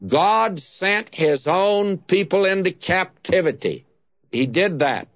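A man delivers a Bible teaching at an unhurried pace, his pitch rising and falling widely as he leans on key words. His voice sits a little high for a man. The recording is dull, lo-fi and dry. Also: lively intonation, no room sound. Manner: deliberate, stresses key words, reads scripture aloud with rising emphasis.

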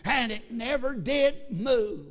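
A preacher voicing a frightened little grandson who speaks slowly and earnestly in a sermon story. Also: male voice, very high-pitched, expressive, full character voice. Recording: lo-fi sermon recording.

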